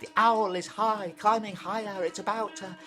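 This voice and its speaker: A man's voice: high-pitched, fairly even intonation, normal speed, music in the background, pitched above the performer's own voice, close to an everyday voice. A man voicing a frightened young princess who speaks in an anxious, breathless way.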